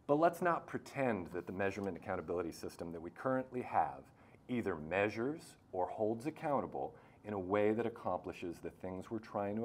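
Passionate man arguing at a briefing. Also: on the low side. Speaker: researcher and writer. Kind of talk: briefing presentation.

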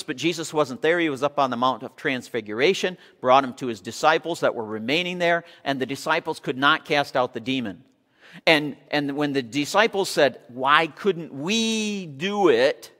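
Pastor preaching in a reverberant church. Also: male voice, mid-range voice, pushed and bright. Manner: leads congregation in call-and-response cheers. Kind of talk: sermon. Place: church sanctuary. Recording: long reverb of a church hall.

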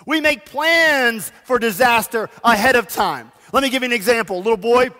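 High, bright-voiced male pastor preaching. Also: normal speed. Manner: storytelling, self-deprecating, urging the congregation. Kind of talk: sermon. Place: church sanctuary. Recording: long church hall reverb.

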